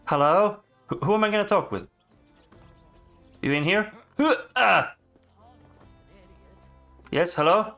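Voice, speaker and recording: A man giving casual, excitable commentary while playing a video game, swearing and chatting to the animals he meets. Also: sits high, takes it slowly, vocal fry, pauses often, soft background music. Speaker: gaming streamer.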